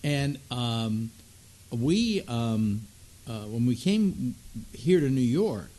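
Lively rambling male talk host. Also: mid-range voice, extremely slow. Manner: rambling and conversational with many fillers. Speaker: radio talk show host. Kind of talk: casual chat.

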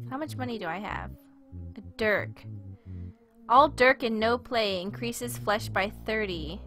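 A woman's voice: on the high side, a little slow, long pauses, a bit bright, faint music behind. A woman streaming a game, rambling through awkward, self-deprecating commentary. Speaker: let's play streamer.

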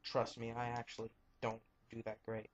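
A man's voice: mid-range voice, monotone, moderate pace, slight background noise. Young man rambling over gameplay, lo-fi. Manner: rambling, frank, mutters reactions while playing. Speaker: let's play gamer. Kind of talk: casual gameplay commentary. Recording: dull lo-fi home mic.

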